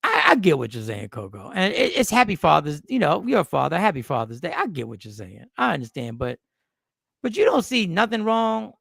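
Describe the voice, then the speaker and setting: A man hosting a casual talk show, telling a personal story in an animated way, repeating himself. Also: on the high side, fairly quick, creaky, no room sound, clean studio sound. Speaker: host.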